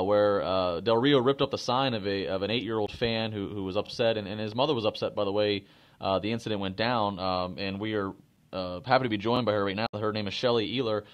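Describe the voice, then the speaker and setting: A man hosting a radio wrestling show, introducing his guest in a halting way with many filler uhs. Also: fairly low pitch.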